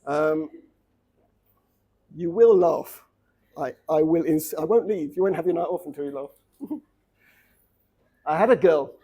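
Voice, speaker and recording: A middle-aged man, a rabbi, giving an informal lecture to students, lively and repetitive, dropping Hebrew words into his English. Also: on the high side. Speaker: rabbi teaching a seminary class. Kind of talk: informal Torah lecture with storytelling.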